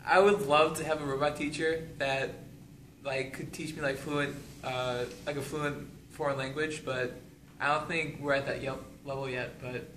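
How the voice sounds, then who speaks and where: A man's voice: mid-range voice, level tone, moderate pace, fairly bright tone. A young man trying out foreign words, joking around and laughing often as he repeats them back. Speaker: student learner. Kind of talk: casual joking. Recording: echoey room with faint noise.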